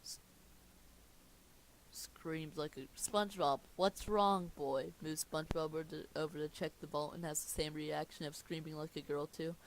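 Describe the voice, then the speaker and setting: Reading a cartoon film script for comedy, this young man speaks at normal speed in a slightly high, monotone voice over a faint hiss or hum. He trips over lines, starts again, and interrupts himself with amused remarks about what he's reading.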